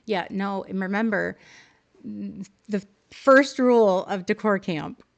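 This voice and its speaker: A woman's voice: medium pitch, takes it slowly, creaky. A woman hosting a live stream, coaching her viewers through decorating choices in a friendly, upbeat way and answering chat as she goes. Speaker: livestream host teaching game decorating.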